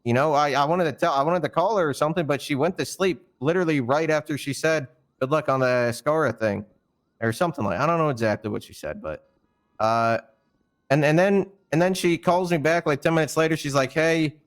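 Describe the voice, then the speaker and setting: A man's voice: a little high, brisk. A man in a roleplay stream, heatedly telling the story of why he fired someone. He rambles, stammers and swears often. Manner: fired-up and indignant. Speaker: roleplayer explaining a firing.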